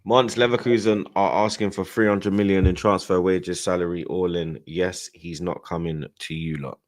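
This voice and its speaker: A man in casual football banter, teasing and slangy, shouting out viewers from the chat. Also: low-pitched, steady tone, moderate pace. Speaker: football fan panelist.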